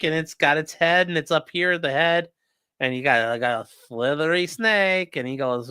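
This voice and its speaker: A man's voice: fairly high pitch, moderate pace, pushed and bright, clear, resonant tone, no echo. A man live-streaming and reading viewer chat aloud, rambling casually with lots of fillers and swearing.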